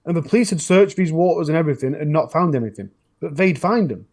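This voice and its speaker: This man's expressive, somewhat high voice has a darkish tone and a quick pace. Hailing from northern England with a Northern English accent, he chats casually on a podcast about his true crime channel, telling meandering stories with many restarts.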